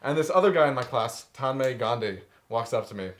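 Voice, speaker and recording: At a live poetry night, a man with a medium-pitched voice tells a comic story about a dream, speaking in an animated, brisk way. He rambles, uses lots of fillers, and laughs as he goes.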